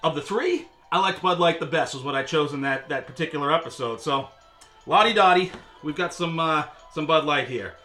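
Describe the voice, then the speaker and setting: A man's voice: fairly high pitch, a little fast, sharp tone, faint music behind. A man hosting a casual beer review video, chatty and wry, with a lot of filler words. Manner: chatty, joking, with frequent filler; wry and sarcastic.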